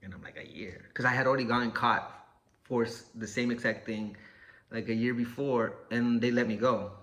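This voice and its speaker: A man's voice: medium pitch, fairly even intonation, fairly quick, a bit bright. A man telling a personal story casually, cursing often and acting out what people said. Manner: profane, laid-back, acts out quotes.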